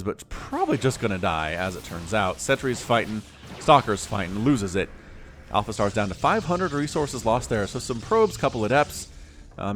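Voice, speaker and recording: A game caster with a mid-range voice delivers lively solo play-by-play on a strategy game match. He's quick and playful, throwing in laughs and sound effects.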